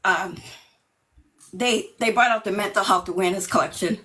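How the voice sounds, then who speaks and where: A middle-aged woman from Massachusetts, talking about herself in a video call interview, nervous and emotional, with many ums and pauses. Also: medium pitch, pushed and bright, low-quality recording. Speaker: team member.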